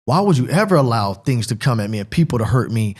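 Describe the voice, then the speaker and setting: A man's voice: mid-range voice, very animated, fast talker, a little mellow. A middle-aged man from Pennsylvania, a former football player as guest, telling an emotional personal testimony in a rambling, earnest way that keeps repeating itself.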